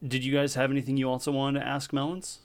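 A man hosting a podcast in casual chat, jokey and quick to laugh, asking light questions. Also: medium pitch, monotone, no room sound, studio quality. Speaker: podcast host.

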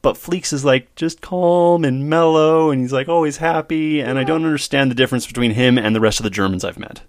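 A man's voice: mid-range voice, a little fast, dry recording, studio quality. A man chatting casually, telling stories animatedly and leaning on fillers. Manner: animated storyteller, many fillers. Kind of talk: casual chat.

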